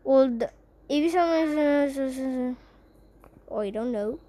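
A woman's voice: high voice, slow pace, warm tone. A woman playing a game, reading its survey questions aloud and answering them in a playful, jokingly spooked way. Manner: jokingly spooked, sometimes puts on a scary voice. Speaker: gamer. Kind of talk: casual gameplay commentary.

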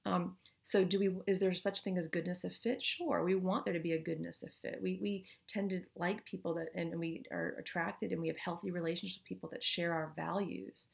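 A middle-aged woman speaks as a therapist, her low voice full of gravel and vocal fry. She talks through relationship advice in a loose, conversational way, checking in with "okay?" and "right?" and sometimes acting out a partner's complaint. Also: fairly even intonation, brisk, few pauses. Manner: acts out quoted couples in passing. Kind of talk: casual advice talk to camera.

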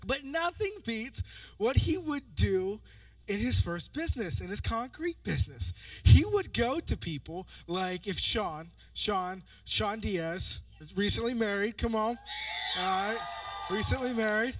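Man, pastor, sermon, animated storytelling, high bright voice, dry distant sound. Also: measured pace, no echo. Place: church sanctuary.

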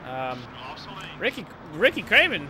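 A young man giving casual, rambling gameplay commentary, sarcastic and quick to swear when frustrated. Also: high voice, huge pitch swings. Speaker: gaming YouTuber. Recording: loud engine noise behind voice. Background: game engine noise.

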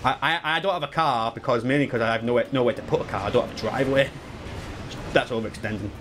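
A man in his twenties chatting casually and excitedly while playing through a game, swearing freely and wandering into asides. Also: medium pitch, fast, noisy background. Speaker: gaming YouTuber. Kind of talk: live speedrun commentary.

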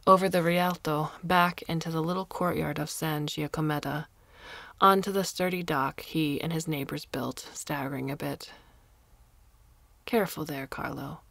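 Woman reading a story out loud, low voice, dry close sound, goes soft and hushed sometimes. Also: fairly even intonation, moderate pace, creaky, dry recording. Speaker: podcast story narrator. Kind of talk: scripted narration of a short story.

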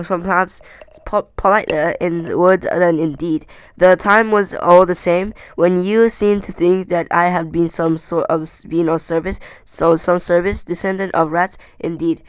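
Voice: mid-range voice, clear, resonant tone, dry recording, natural voice. A small fussy hobbit, nervous and indignant, tripping over his own words, as a home reader puts him on. He restarts phrases often.

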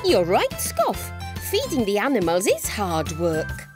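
A woman's voice: medium pitch, huge pitch swings, unhurried, over music. A woman presenting a preschool show and reading a story aloud in an encouraging, sing-song way.

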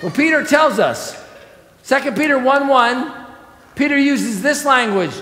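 Animated preaching man in an echoing church. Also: very high voice, a little slow. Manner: emphatic preaching with questions to the congregation and trailing soft endings. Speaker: pastor. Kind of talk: expository sermon. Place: church sanctuary. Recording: echoey church hall.

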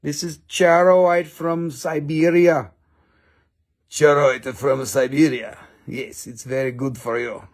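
A man's voice: a little high, little pitch movement, slow pace. A man voicing a pushy gem salesman who speaks in comic broken English and sells hard. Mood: hamming pushy.

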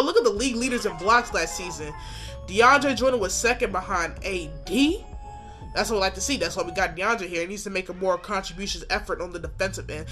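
A man calls his video game basketball match play by play, animated and joking, swinging between hype and mock outrage. His voice is bright and forward. Faint music plays behind him. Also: high voice, a little fast. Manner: animated, hypes plays, jokes and trash-talks. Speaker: gaming commentator. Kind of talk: excited play-by-play game commentary.

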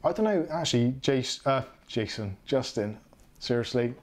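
A man with an English West Country accent chats loosely on his home livestream, often stopping to correct himself. His voice sits at an everyday middle pitch. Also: lively intonation, moderate pace. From England. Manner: rambling, self-correcting, chatty. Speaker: livestream host. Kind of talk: casual livestream chat.

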